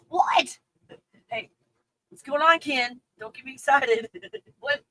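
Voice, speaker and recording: A woman's voice: high-pitched, slow, pauses often, pushed and bright, no echo, rough recording. A woman from Texas with a faint Texas accent, chatting casually on a livestream, reading viewer comments, swearing freely and laughing often. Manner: profane and candid, laughs often.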